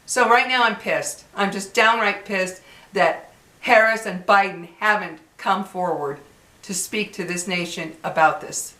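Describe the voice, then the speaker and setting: A woman's voice: mid-range voice, measured pace, bright, forceful tone, reverberant, rough recording. A woman in her sixties venting bluntly and heatedly to her viewers, repeating herself as she complains. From United States. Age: 60s. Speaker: vlogger. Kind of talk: angry venting to camera.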